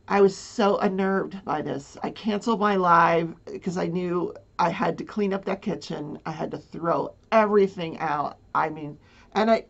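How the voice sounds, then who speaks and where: A woman's voice: lowish voice, vocal fry. A woman telling a personal story in a casual, rambling way, flustered, with many fillers and nervous laughs. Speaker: livestreamer. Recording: dull lo-fi sound.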